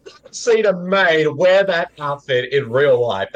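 A man's voice: a little high, lively intonation, measured pace, dull audio. An Australian man co-hosting a casual chat over a movie, explaining the plot and laughing often. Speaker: co-host of a movie-watching podcast.

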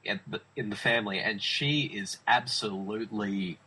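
A man's voice: on the low side, moderate pace, bright, forceful tone, slightly rough, rough recording. A man talking films in a casual review chat, enthusiastic and emphatic, often restarting his sentences. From Australia. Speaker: film review podcast host.

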